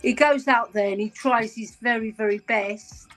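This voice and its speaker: Giggly higher-voiced woman caller. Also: normal speed, fairly bright tone. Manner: chatty, giggly, teasing. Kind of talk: casual call-in chat.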